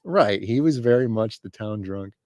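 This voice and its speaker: A man's voice: lowish voice, expressive, normal speed, a little mellow, slight background noise. A man co-hosting a casual chat, telling stories and anecdotes in an office. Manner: storytelling, mimics drunk voices in anecdotes. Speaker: co-host of comics channel.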